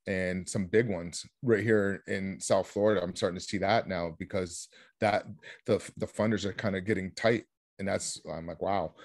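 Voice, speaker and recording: A man speaks as a guest investor over a video call, sounding upbeat and chatty. His voice sits fairly low, and the mic sounds dry and close, with no room echo. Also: darkish tone. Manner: upbeat, chatty, agrees readily. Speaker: real estate investor guest.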